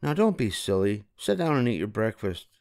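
A man's voice: fairly low pitch, big pitch swings, normal speed, darkish tone, no echo, clean studio sound. An older man voicing a large giant's wife who scolds her husband in a lilting, chiding way. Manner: chiding, sing-song.

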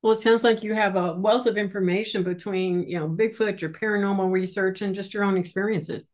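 A woman's voice: medium pitch, fairly even intonation, fairly quick, a little mellow. A woman hosting an interview, giving short friendly replies. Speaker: interview host. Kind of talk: casual interview.

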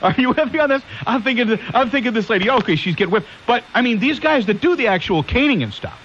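Animated, rambling male talk radio host. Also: very high voice, fast. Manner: rambling, asks listeners rhetorical questions. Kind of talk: conservative call-in talk radio. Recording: hissy lo-fi 1990s AM radio.

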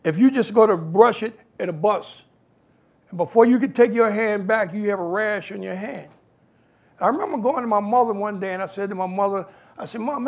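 The speaker is a New York man whose voice sits high and carries vocal fry. Speaking as a guest, he recounts his own experiences with energy and acts out the quoted voices of the people involved.

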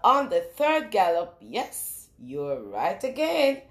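A woman reading a picture book aloud to young children in a lively sing-song way, stopping often to ask them questions. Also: lowish voice, slow pace, echoey room. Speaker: children's storyteller.

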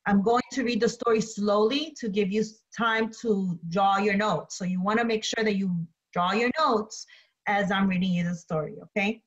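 A woman teacher giving an online English lesson, slowly repeating instructions and then reading a story aloud. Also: mid-range voice, steady tone, dull audio. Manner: slow, deliberate, repeats instructions.

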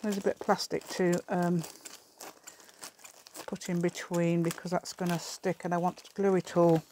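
Middle-aged woman, slightly low voice, rambling craft-video chatter with laughs and mumbled asides. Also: level tone, normal speed, a little mellow, slight background noise. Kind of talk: casual chat while crafting.

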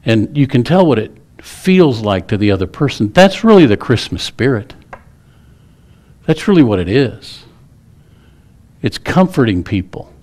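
A man's voice: medium pitch, very animated, unhurried, pauses often, darkish tone. A middle-aged man, a pastor preaching a sermon in a church, telling stories in a folksy, humorous way. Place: church sanctuary.

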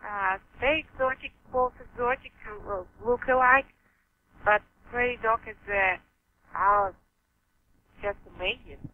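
High, halting woman with a Russian accent. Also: phone-quality sound, slight background noise. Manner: hesitant, halting, laughs often. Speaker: author guest. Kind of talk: interview answers.

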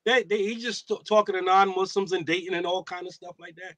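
A man on an imams' panel, talking in an animated, joking way with lots of rhetorical asides. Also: high voice, fast talker. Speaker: imam on a roundtable. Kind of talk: casual panel discussion.

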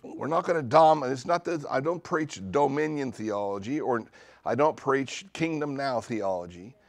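A middle-aged male pastor preaching a charismatic sermon in church, dropping to low asides and then building to loud declarations with humorous jabs. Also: lively intonation, normal speed, vocal fry, dry recording. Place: church sanctuary.

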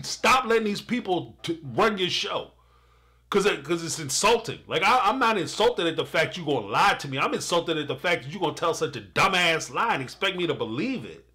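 A man's voice: high voice, bright, forceful tone. Fired-up man ranting through a reaction. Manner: fired up, ranting and laughing, talks straight at the viewer. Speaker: live-stream reaction host. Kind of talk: animated reaction commentary.

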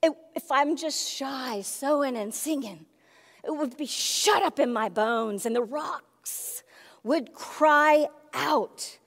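A woman's voice: sits high, slow pace, long reverb tail. A woman in her forties preaching a sermon, emphatic and emotional, often exclaiming. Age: 40s. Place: church sanctuary.

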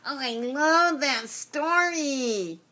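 A woman's voice: high voice, lively intonation, drawn-out words, bright, forceful tone. A woman co-hosting a children's story show, cheerful and enthusiastic. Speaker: co-host, illustrator.

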